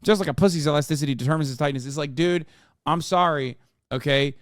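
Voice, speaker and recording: A man's voice: a little high, fast talker, no echo, clean studio sound. A man in his thirties streaming casual, profane reaction commentary, ranting and mocking in an exasperated way.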